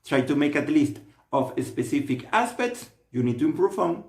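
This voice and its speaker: At a normal speed, a male language teacher delivers a scripted lesson in a steady, instructive manner. His fairly high voice has animated, swinging intonation, captured with a noticeable roomy echo.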